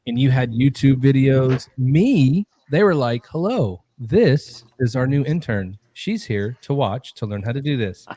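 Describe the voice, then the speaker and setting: A man's voice: medium pitch, animated, unhurried, hardly any pauses, mellow, no room sound. A man co-hosting a podcast, joking around and acting out what people said to him. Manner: joking, acts out quotes. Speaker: podcast co-host. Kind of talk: casual chat.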